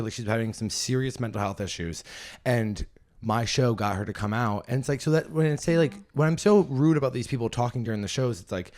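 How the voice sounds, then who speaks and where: A man's voice: on the low side, fairly quick. Gossipy young man telling a comedy story. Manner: animated, gossipy, bursts into loud laughs. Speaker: podcast host and stand-up comedian. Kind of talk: casual storytelling chat.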